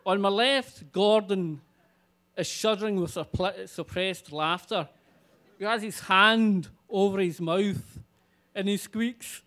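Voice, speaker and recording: A man telling a comic personal story live on stage, animated and swearing freely. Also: sits high, slow pace.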